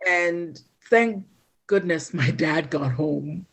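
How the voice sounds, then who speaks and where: Woman, slightly low voice, animated, emotional storyteller, interview guest. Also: takes it slowly, breathy edge. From Ghana. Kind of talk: personal storytelling.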